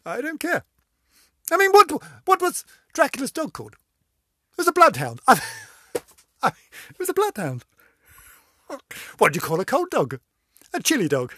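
A woman's voice: on the high side, huge pitch swings, unhurried, long pauses, fairly bright tone, no room sound, studio quality. An older woman hosting a casual vlog, telling corny jokes and giggling at them herself. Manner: giggly, laughs at her own jokes, self-mocking. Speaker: vlog host.

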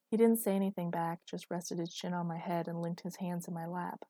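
A woman narrating first-person fiction in a measured, even storytelling manner. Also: fairly low pitch, no echo. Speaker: audiobook narrator.

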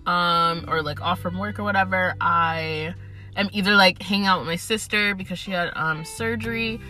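A young woman from Atlanta talks casually from inside her parked car, with a bright, forward voice. She swears freely and breaks into laughter often. Faint music plays underneath. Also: mid-range voice. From Atlanta, United States. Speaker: podcast host. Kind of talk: casual chat. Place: parked car in a parking garage.

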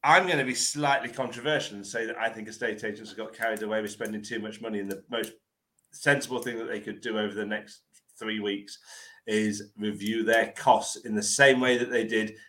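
Jokey guy co-host, bright voice, teases a lot, gives his take. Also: lowish voice, fairly even intonation, fairly quick, poor audio. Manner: jokey, teasing, opinionated. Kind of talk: casual industry chat.

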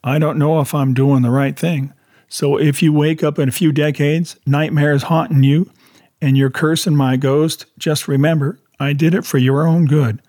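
A man voicing a gruff, stern old male cemetery caretaker whose words whistle as if his teeth are out. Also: a little high, fairly even intonation, moderate pace, a little mellow, no room sound, clean studio sound, voice pushed up, natural voice.

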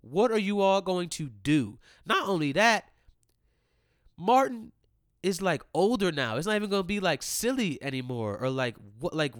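A man ranting casually and comedically to his listeners, profane and animated, swinging between loud outbursts and low mumbled asides. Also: moderate pace, smooth, no echo, studio quality.

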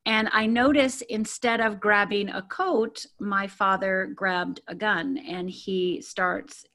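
A middle-aged woman speaks as an interview guest, recounting her own life in an earnest, candid way. Her voice sits at an ordinary middle pitch, and she talks loosely, with fillers and repeated words. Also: steady tone, slow, pushed and bright. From Upper Peninsula of Michigan. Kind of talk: personal storytelling.

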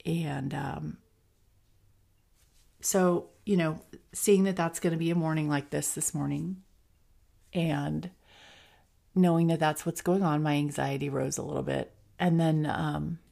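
A middle-aged woman speaks in a low, deeply gravelly voice full of vocal fry. She hosts a podcast and tells a personal story in a candid, reflective way. Her talk is loose and full of fillers and restarts. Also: fairly even intonation, unhurried, long pauses, warm tone. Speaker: podcast host.

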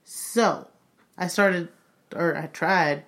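A young woman from Rhode Island co-hosting a casual podcast chat, chatty and quick to laugh, her voice slightly hoarse. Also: lowish voice, fairly bright tone. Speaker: podcast co-host.

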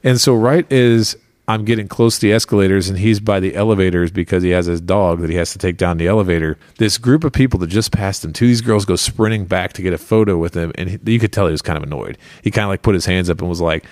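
A man with a lowish voice rattles through a casual story at a quick clip. He is animated and rambling, packs in fillers, and is recorded dry and close. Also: dry recording. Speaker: podcast host.

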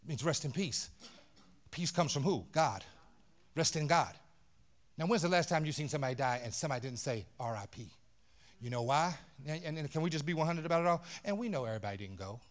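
A man's voice: on the high side, animated, fast. A pastor preaching a sermon in a church, talking in an emphatic, conversational way and often repeating words as he builds a point. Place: church sanctuary.

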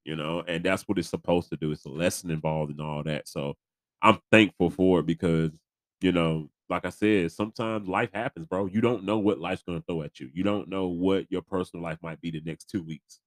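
A man's voice: low-pitched, steady tone, a little fast, no echo. A young man co-hosting a podcast, laid-back and repeating phrases as he gives motivational talk. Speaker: podcast co-host. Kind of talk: casual chat.

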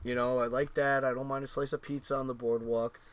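A man's voice: mid-range voice, little pitch movement, a little fast. A middle-aged man co-hosting a casual chat, rambling through profane stories with lots of fillers.

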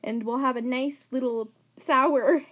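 A woman's voice: high voice, fairly even intonation, unhurried, fairly bright tone, low-quality recording. A woman hosting a casual solo podcast, giggly and dramatic, often laughing mid-sentence. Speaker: podcast host.

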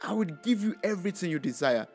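A man's voice: sits high, animated, fast talker, soft background music, voice pushed up. A man voicing a possessive, domineering voice that calls out of the darkness in a story. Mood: menacing. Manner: shouting, domineering. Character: menacing possessive voice calling from the darkness.

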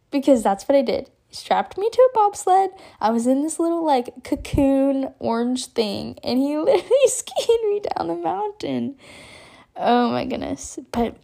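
A young woman from Texas telling a personal story on her podcast in a chatty, animated way, full of fillers and little laughs. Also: high-pitched, creaky. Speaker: podcast host. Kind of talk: casual storytelling.

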